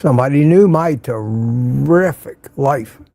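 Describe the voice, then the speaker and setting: A man's voice: medium pitch, lively intonation, slow pace, mellow, no room sound, clean studio sound. An older man hosting a casual morning livestream, greeting viewers by name and making wry asides. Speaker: livestream host.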